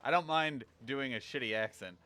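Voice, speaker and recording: Guy streaming a game, rambles on, crisp clear voice. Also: medium pitch, normal speed. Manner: rambling, chatty, thinks out loud. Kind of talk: casual livestream chat while gaming.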